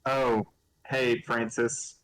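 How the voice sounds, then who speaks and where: A man's voice: mid-range voice, level tone, extremely slow, a bit bright, low-quality recording. A man playing his character at a tabletop game in casual talk, hesitant and full of fillers. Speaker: player.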